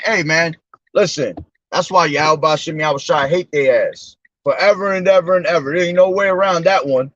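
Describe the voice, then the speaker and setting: A man's voice: fairly high pitch, fairly bright tone, no echo. A man preaching informally, reading scripture aloud between profane, slangy, emphatic remarks. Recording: dull lo-fi dry recording.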